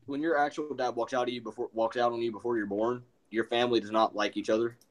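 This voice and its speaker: A man chatting on a live stream in an animated, excitable way, swearing a lot over online voice chat. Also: mid-range voice, fast, low-quality recording. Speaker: guest on a stream.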